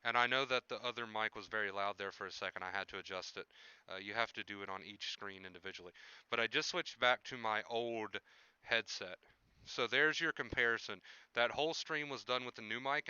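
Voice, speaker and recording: A man's voice: fairly low pitch, fairly quick, pushed and bright, clear, resonant tone, no echo, lo-fi sound. A man streaming live from home, chatting casually with his viewers into a headset mic and often repeating himself. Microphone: headset microphone.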